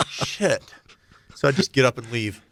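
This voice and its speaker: A middle-aged man telling his own story candidly and reflectively, his voice often trailing off soft and low. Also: big pitch swings, slow pace, a little hiss or hum. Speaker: guest.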